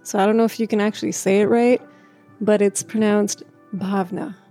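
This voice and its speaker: Woman who stutters, candid and reflective, mellow tone over faint music. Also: medium pitch, level tone, moderate pace. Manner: stutters, with repeated words and restarts; laughs often, speaks in a gentle, reflective way. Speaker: speaker sharing a personal story. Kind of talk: reflective personal talk.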